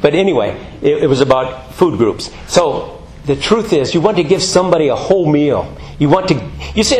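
A man's voice: fairly high pitch, normal speed, few pauses, roomy sound, slight background noise, low-quality recording. A man preaching a sermon, telling jokey stories and acting out voices. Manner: animated, jokey storytelling with acted-out voices.

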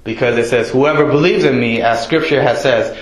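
A man's voice: mid-range voice, a little fast. A man preaching casually in an echoey room. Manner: casual, conversational preaching with many fillers. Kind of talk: sermon.

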